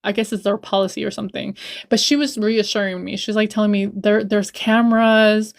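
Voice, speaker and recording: A woman's voice: mid-range voice, fairly even intonation, a little fast, creaky. Blunt, swearing young woman venting. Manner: blunt and profane, swears a lot; heated, repeats herself for emphasis. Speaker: livestreamer. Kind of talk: casual storytime chat.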